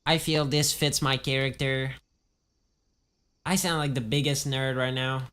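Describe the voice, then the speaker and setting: A man's voice: medium pitch, flat delivery, measured pace, fairly bright tone, clean tone, voice pushed up, natural voice. A man putting on a nerdy young gamer persona voice during a casual game stream chat. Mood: nerdy chirpy. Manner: put-on chirpy nerd voice.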